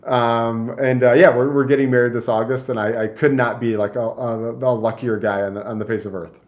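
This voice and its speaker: A man's voice: mid-range voice, fairly even intonation, a little fast. A young man from Michigan, a guest telling a story in casual chat, rambling with many fillers and restarts.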